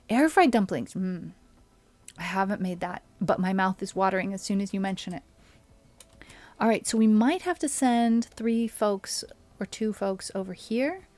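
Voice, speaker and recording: A woman streamer giving casual commentary while she plays a game, thinking aloud and often dropping to a soft mutter. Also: mid-range voice, unhurried, long pauses.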